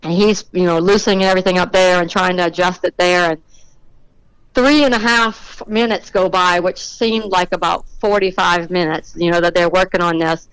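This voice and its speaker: A middle-aged woman guest on a podcast tells a lively story and acts out the voices of her crew. Her voice sits low and sounds smooth and clean. The recording is dry and close to the mic. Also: moderate pace, no room sound, poor audio. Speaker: drag racing motorcycle rider, guest.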